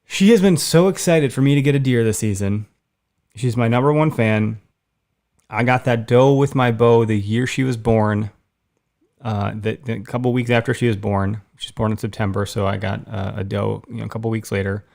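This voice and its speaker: Gravelly-voiced man telling a hunting story. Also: fairly low pitch, normal speed. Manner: animated storyteller, acts out voices in anecdotes. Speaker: podcast co-host. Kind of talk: casual chat.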